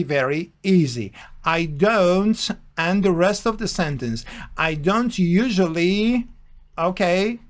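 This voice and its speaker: Guy teaching grammar, talks real slow, keeps repeating stuff for emphasis. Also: high-pitched. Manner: slow, repetitive, emphatic teaching with many fillers. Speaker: English teacher. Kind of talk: grammar lesson explanation.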